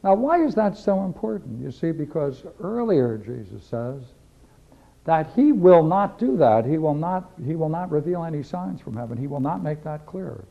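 A man's voice: fairly high pitch, very animated, moderate pace, creaky. A man teaching a philosophy class, lecturing emphatically and repeating key phrases as he reads and discusses scripture. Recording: dull lo-fi videotape recording.

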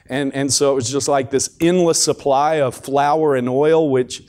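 A man speaks at a school chapel in a relaxed, conversational devotional talk. He often restarts and repeats words as he goes. His pitch sits in the middle range. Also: a little slow.

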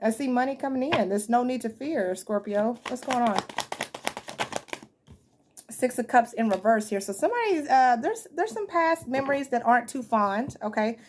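A woman's voice: fairly high pitch, lively intonation, normal speed, darkish tone, a little hiss or hum. A woman giving a casual, chatty tarot reading, thinking aloud as she turns cards, with easy laughs and the odd swear word. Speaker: tarot reader.

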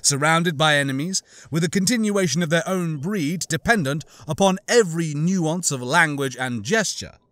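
A man narrating an audiobook in a measured, deliberate reading. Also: a little high, animated, a bit bright, dry recording.

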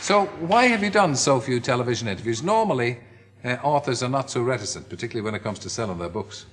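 Irish male chat show host, lively up-and-down delivery, teasing wit. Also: medium pitch, fast talker, a crowd in the background, noisy background. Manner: jokey, teasing questions.

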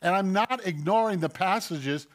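A man preaching from the pulpit of a church, his voice pitched a little higher than most men's. He delivers an animated sermon, firing off rhetorical questions and slipping into acted-out voices to make his points. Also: normal speed. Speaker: pastor. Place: church sanctuary.

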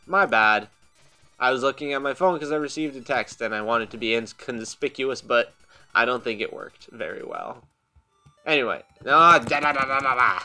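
A man's voice: medium pitch, pushed and bright. A young man casually commenting on his own gameplay at home, joking at his own expense and laughing often. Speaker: gaming channel host. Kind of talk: casual let's play commentary. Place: home room.

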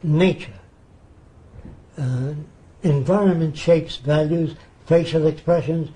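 A man's voice: a little high, slow. An older man being interviewed, telling anecdotes and acting out the voices of the people in them. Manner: animated storyteller acting out quoted voices. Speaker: interviewee, futurist. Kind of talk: anecdotal storytelling.

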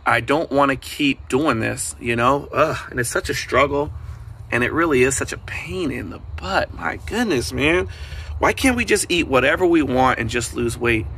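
A man's voice: medium pitch, moderate pace, bright, forceful tone, slight background noise. A man talking candidly to his vlog audience, frustrated and hard on himself, recorded outdoors on a porch. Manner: frustrated, candid, self-critical. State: out of breath. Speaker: vlogger. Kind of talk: casual vlog.

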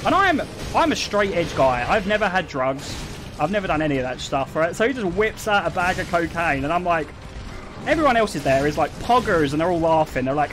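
A young man telling stories to his stream chat in a casual, animated way, swearing and laughing often. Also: high-pitched, a little fast, over music.

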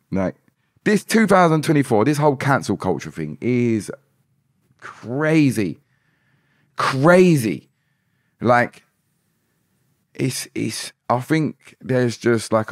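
A musician appears as a guest on a podcast, speaking emphatically and repeating phrases like "hundred percent." His voice is lowish, and the recording is clean studio sound with no echo.

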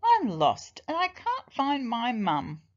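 A woman's voice: on the high side, wildly swooping pitch, slow pace, muffled recording, pitched above the performer's own voice, full character voice. A woman voicing a young, polite boy elephant who is lost and pleading for help. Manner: pleading, anxious.

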